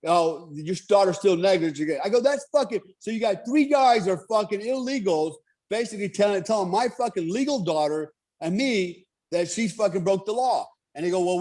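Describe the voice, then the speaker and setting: A man's voice: high-pitched, darkish tone. A middle-aged man telling stories as a guest in a casual podcast chat, blunt, profane and emphatic.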